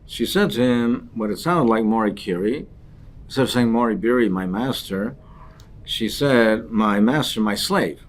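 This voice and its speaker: A man giving a daily Talmud lesson, translating Aramaic phrases into English line by line in a halting way, with restarts. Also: lowish voice, animated. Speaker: Talmud teacher.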